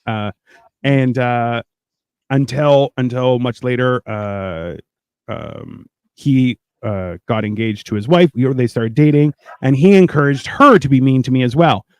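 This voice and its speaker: A man's voice: mid-range voice, unhurried, a little mellow, smooth, no echo. A man on a casual podcast chat, blunt and crude, telling jokey stories. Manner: jokey, storytelling. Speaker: podcast co-host.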